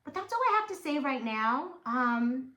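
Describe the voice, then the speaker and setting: Woman vlogger, bright and encouraging, lively swooping delivery, slightly high voice, echoey room with light hiss. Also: moderate pace. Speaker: weight-loss vlogger. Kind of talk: encouraging motivational vlog. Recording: echoey room with faint noise.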